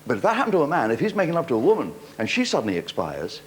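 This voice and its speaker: A man's voice: mid-range voice, wildly swooping pitch, rapid-fire. An older British man doing stand-up comedy with wry, punchline-driven timing, taking questions from a studio audience. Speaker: comedian host. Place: TV studio before a live audience. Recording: loud studio audience laughter, noisy old tape.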